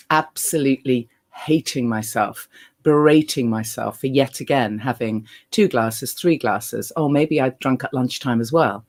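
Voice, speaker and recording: A middle-aged woman giving a candid motivational stage talk, earnest, with frequent ums. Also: a bass voice. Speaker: speaker and holistic living author.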